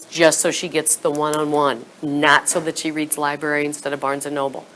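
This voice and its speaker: A woman's voice: low voice, steady tone, fairly quick, a bit bright, slight background noise. A woman presenting a teacher training session in a workshop room. She acts out classroom prompts and drops to a whisper to model them.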